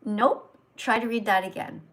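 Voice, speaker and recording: An older woman hosting a livestream, lecturing and correcting a reader's pronunciation slowly and sternly. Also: fairly high pitch, fairly bright tone. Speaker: host, vegan teacher. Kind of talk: livestream reading lesson.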